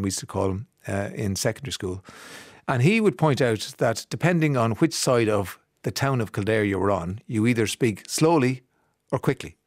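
A man's voice: medium pitch, no echo. An Irish man hosting a radio show, chatting casually and reading out listener messages in the studio. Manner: chatty, reads texts aloud and riffs on them. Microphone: studio microphone.

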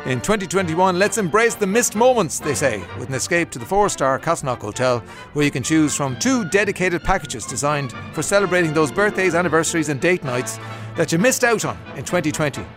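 A man's voice: fairly high pitch, lively intonation, brisk, over music. An Irish man presenting a radio show in a chatty, casual way, reading out listener messages. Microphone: studio mic.

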